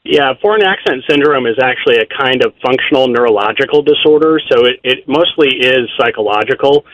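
A male radio caller explaining things in a hesitant, measured way over a phone line. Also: mid-range voice, a bit bright, dry recording. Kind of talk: phone-in comment.

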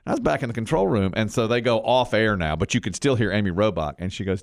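A man's voice: on the low side, expressive, fast. A middle-aged man hosting a talk show, chatting casually and telling a story, acting out the quotes. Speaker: radio show host.

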